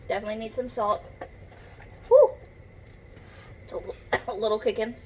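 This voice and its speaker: A woman's voice: a little high, fairly even intonation, very fast, slight background noise, rough recording. Chatty Southern woman cooking at home. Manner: chatty, homey, rambling. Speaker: home cook. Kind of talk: casual cooking demo. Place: home kitchen. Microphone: propped-up phone.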